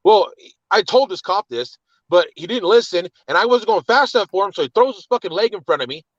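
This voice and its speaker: A man's voice: high voice, expressive, a little fast, dry recording, muffled recording. A man with children telling an agitated, cursing story of his arrest, often repeating words. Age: adult with children. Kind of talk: casual storytelling.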